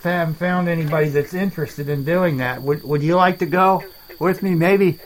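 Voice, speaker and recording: A man voicing a rambling, self-deprecating alligator in a swamp, talking in halting starts in a comedy dialogue. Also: on the high side, natural voice, low-quality recording. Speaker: main character of a comedy podcast.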